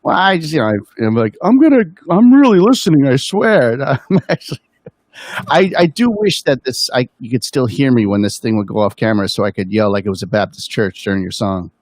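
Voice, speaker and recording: A man's voice: fairly low pitch, brisk. A man hosting a live-stream music show, chatting in a jokey way and cutting in to speak to viewers. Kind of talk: casual chat on a live stream.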